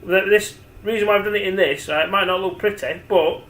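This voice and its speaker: A man's voice: high voice, a little fast, a bit bright, roomy sound, rough recording. A man, rambling chattily as he demonstrates cooking at home and talks to the camera. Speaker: home cook. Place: home kitchen.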